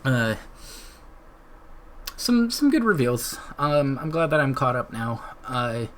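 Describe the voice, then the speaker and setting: Slow, laid-back male streamer. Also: medium pitch, sing-song, slight background noise. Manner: laid-back, rambling, laughs often. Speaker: streamer host. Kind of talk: casual live-stream chat.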